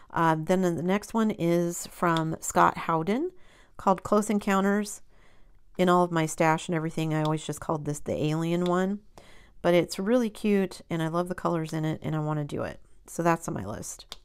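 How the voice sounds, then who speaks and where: On her crafting channel, a woman with a clean, lowish voice makes casual conversation. Her talk rambles, peppered with ums and frequent self-corrections.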